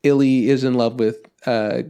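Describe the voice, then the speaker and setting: A man co-hosts a casual anime review podcast, rambling with lots of fillers and acting out quotes. His medium-pitched voice is steady, dark and clean, at normal speed.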